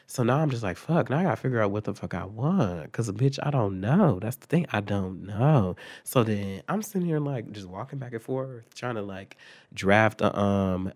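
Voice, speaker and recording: Young man, congested, chatty profane storyteller, dry close sound. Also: no echo. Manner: animated, profane, chatty storytelling with pitch jumps. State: recovering from illness, congested. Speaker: vlogger. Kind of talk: casual storytelling to camera.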